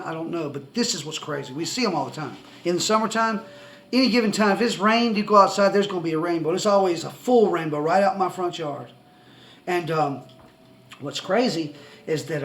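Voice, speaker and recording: A man's voice: on the high side, fairly quick, a little hiss or hum. A man telling a personal faith testimony to the camera from his country home, rambling, restarting his words and chuckling as he goes. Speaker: person giving a religious testimony. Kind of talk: casual storytelling to camera. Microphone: camera in front of a seated speaker.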